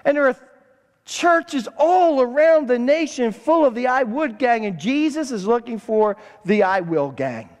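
A man's voice: extremely high pitch, lively intonation, a little slow. A man preaching a sermon as pastor, calling for responses from the congregation and repeating words for emphasis. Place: church sanctuary. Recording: church hall reverb.

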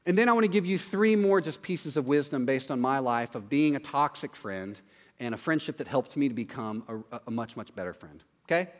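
A man preaching a sermon in a conversational way, often adding quick "right?" asides. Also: medium pitch, animated, big-room sound. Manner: conversational, acts out quoted voices, frequent "right?" asides. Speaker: pastor.

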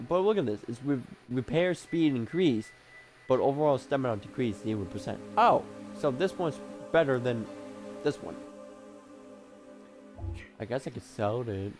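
A man giving casual gameplay commentary as the host of a gaming channel, rambling, excitable and self-mocking, swearing often. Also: medium pitch, normal speed, long pauses, over music.

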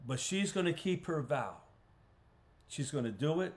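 A man, a pastor, teaching a Bible study in a conversational way, clearing his throat often and restarting phrases. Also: a little high, lively intonation, moderate pace. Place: church. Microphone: livestream recording.

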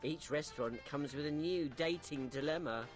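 A voice doing a calm in-game tutorial narrator. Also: medium pitch, moderate pace, soft background music, close to an everyday voice.

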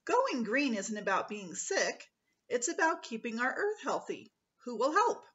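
Lady doing a cheery fox teacher from a picture book, high lively voice, slow and kind. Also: highs cut off.

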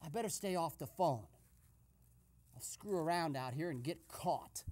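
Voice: medium pitch, lively intonation, measured pace, darkish tone, natural voice. A performer playing a nosy male eavesdropper in a comic radio sketch, giving breathless running commentary and shushing constantly. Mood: gossipy.

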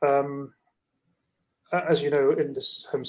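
A man's voice: mid-range voice, steady tone, takes it slowly, rough recording. A man on a trading call, rambling through his positions with many hesitations and fillers. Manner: rambling, hesitant, self-deprecating. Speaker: guest trader. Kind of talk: casual chat on a call.

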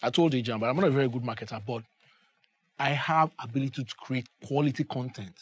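A man's voice: medium pitch, quick pace, breathy edge, no echo. A man, a broadcaster speaking earnestly and emphatically in a roundtable discussion. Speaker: broadcaster and production company founder.

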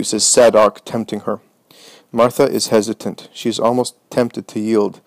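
A man narrating an audiobook in a measured, dramatic reading voice. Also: lowish voice, little pitch movement, darkish tone, no echo, rough recording. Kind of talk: scripted narration.

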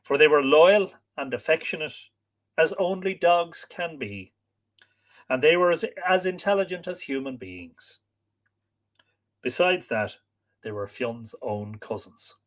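A man's voice: fairly high pitch, animated, measured pace, long pauses, a bit bright. A man, host of a live stream, reading an old story aloud and chatting with viewers between passages.

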